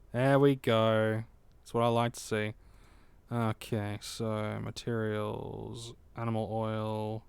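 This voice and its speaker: A man's voice: medium pitch, darkish tone, smooth, no echo. A man in his late twenties chatting and muttering to himself while streaming a game, with casual swearing. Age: late 20s. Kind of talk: casual gaming livestream commentary.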